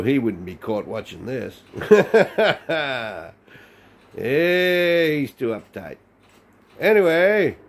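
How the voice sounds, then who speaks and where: An Australian man giving playful, chuckling commentary over his own gameplay. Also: a little high. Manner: playful, chuckling, sing-song exclamations. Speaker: gaming channel host.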